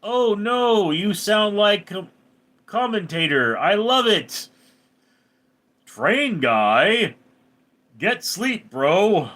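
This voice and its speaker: A young man hosting a casual livestream, reading chat out loud and firing back jokes. His voice is fairly high for a man and swings a lot in pitch, with a bright, forward tone. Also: sing-song. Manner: joking, reacting quickly to chat messages.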